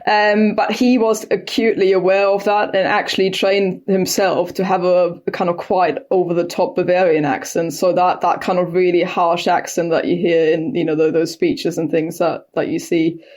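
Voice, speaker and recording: A woman's voice: fairly low pitch, level tone, normal speed, hardly any pauses, darkish tone. A woman historian, a podcast guest, explaining history in a thoughtful, conversational way, often saying "you know". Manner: thoughtful, fluent with frequent "you know" fillers.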